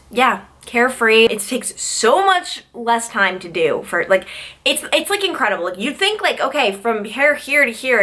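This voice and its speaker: Brief: young woman vlogger, bright, forceful tone, chatty and tired, lots of "like.". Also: fairly high pitch. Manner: chatty, peppered with "like" fillers. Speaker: vlogger and news reporter. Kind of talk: casual vlog chat.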